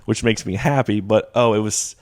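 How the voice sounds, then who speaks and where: A man who teaches, telling a story from his classroom on a podcast in a casual, animated way, acting out voices and laughing as he goes. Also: on the low side, moderate pace.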